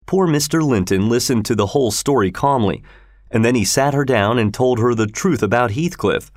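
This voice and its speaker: A man narrating a story in a steady, measured way. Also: mid-range voice, no room sound, clean studio sound. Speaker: audiobook narrator.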